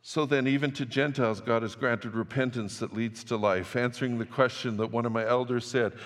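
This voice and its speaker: Pastor guy preaching, chatty storyteller, mid-pitched, big echoey church hall. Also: fairly even intonation, brisk. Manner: conversational storytelling with restarts. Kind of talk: sermon. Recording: long church-hall reverb.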